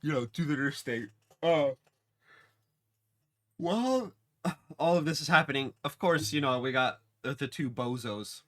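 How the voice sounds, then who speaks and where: A man's voice: mid-range voice, expressive, measured pace, long pauses, fairly bright tone. A man casually recapping a TV episode, rambling with many fillers and restarts. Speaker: TV episode reviewer.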